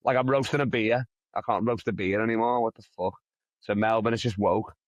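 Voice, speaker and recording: A male comedian, appearing as a guest in a casual interview, tells a rambling, profane, animated story. His voice is on the low side and brisk, captured in a dry recording.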